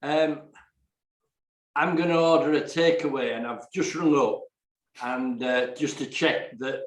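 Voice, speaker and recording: A man's voice: medium pitch, measured pace. A man on a video call telling a playful joke in a chatty way. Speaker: participant in an online chat. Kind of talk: telling a joke in casual chat. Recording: distant echoey mic on a video call.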